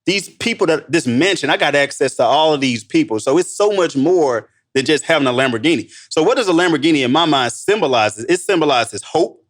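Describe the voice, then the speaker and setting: An excited man telling stories on a podcast, calling his host "bro" again and again. He acts out what others said in a sudden higher voice, then drops back to an everyday pitch. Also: a little fast, hardly any pauses. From Missouri, United States. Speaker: guest entrepreneur. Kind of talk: animated podcast storytelling.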